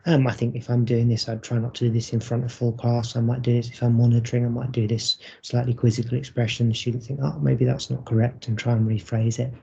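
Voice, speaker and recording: A man presenting a recorded workshop for English teachers, speaking in a measured, explanatory way with frequent ums. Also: medium pitch, monotone, vocal fry, dark tone, slight background noise. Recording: dull lo-fi audio.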